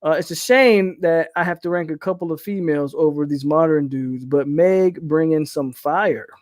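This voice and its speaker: A man's voice: on the high side, normal speed, no echo, studio quality. A man hosting a casual live podcast, answering chat questions in a loose, opinionated way with a Southern US accent. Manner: loose, opinionated, trails off and restarts.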